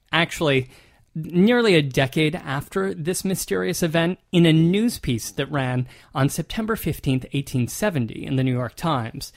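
A man's voice: fairly high pitch, lively intonation, a little slow. A man co-hosting a history podcast, telling a ghost story conversationally and reading old newspaper quotes aloud. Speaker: podcast co-host.

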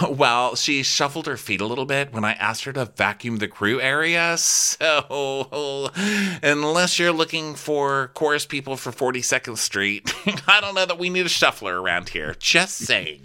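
A man's voice: mid-range voice, animated, measured pace, bright, forceful tone, smooth. A man co-hosting a comedy podcast, recapping a reality show in a sardonic, jokey way. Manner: sardonic, jokey, acts out scenes. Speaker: podcast co-host.

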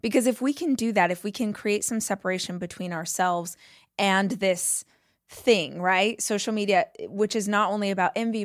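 A woman's voice: medium pitch, no echo. Chatty woman podcast host, dry sound. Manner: animated, chatty, swears casually. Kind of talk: casual interview conversation.

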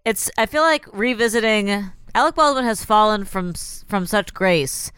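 Dry-humored lady on a chat podcast, super clear voice, no room sound. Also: medium pitch, animated, moderate pace, fairly bright tone, dry recording. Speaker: podcast co-host. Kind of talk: casual chat.

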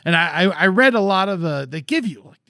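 A man's voice: sits high, expressive, fairly quick, gravelly, bright, forceful tone, dry recording, studio quality. A man co-hosting a podcast, telling rambling stories in casual chat. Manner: rambling, meandering storyteller. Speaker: podcast co-host.

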